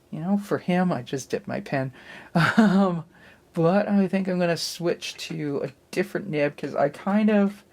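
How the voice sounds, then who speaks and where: A woman's voice: low voice, darkish tone. A woman vlogger chatting in a rambling, self-deprecating way while she inks a cartoon at her drawing desk. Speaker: artist vlogger. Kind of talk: casual chat while inking a cartoon. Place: at a drawing desk under bright lights.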